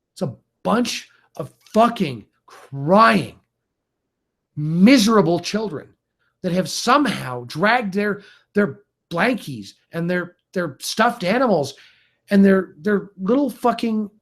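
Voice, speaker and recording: A middle-aged man delivering an angry, profane rant to camera as a video blogger, heated and exasperated. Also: sits high.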